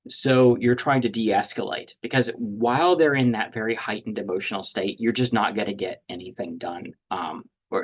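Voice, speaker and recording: A man with a husky, fairly low voice lectures in a webinar, explaining in a loose way with plenty of fillers and restarts. The audio sounds dull and lo-fi, like a call mic. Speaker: webinar presenter. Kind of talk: lecture on negotiation.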